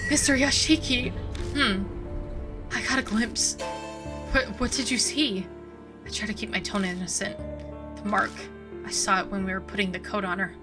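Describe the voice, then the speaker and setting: Reading a visual novel's text aloud over game music, this woman streamer speaks at a normal speed with medium pitch, fairly even intonation, and frequent pauses. Her casual asides are loud reactions, giggles, and free swearing.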